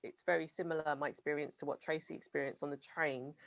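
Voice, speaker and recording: A woman's voice: low-pitched, steady tone, fast, gravelly, no echo. A British woman co-hosting a casual discussion, speaking hesitantly with many fillers like "sort of" and "kind of". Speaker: co-host.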